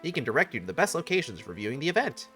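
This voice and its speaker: A man's voice: on the high side, big pitch swings, racing, music in the background. A man reading game dialogue aloud, voicing a courtly official who speaks in a formal, old-fashioned way. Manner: stately, archaic phrasing.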